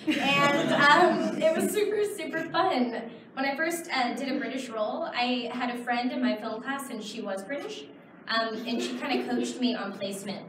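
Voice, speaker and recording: A woman's voice: high-pitched, moderate pace, far from the mic, background noise. Woman talking in a big echoey convention hall. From Texas. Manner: chatty, explains with many fillers. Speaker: convention panel guest. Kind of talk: audience Q and A. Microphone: far camera in the audience.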